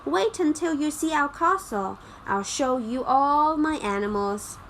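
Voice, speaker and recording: A woman voicing a wild, bossy young robber girl who talks loud and fast. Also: sits high, animated, slight background noise, poor audio.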